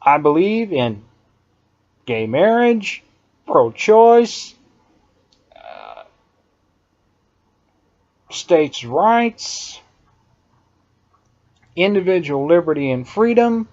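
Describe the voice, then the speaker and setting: A man's voice: high voice, big pitch swings, drawn-out words, pauses often, darkish tone. A man delivering an emphatic, indignant opinion monologue, hammering his points by repeating phrases. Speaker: political commentator. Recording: dull lo-fi recording.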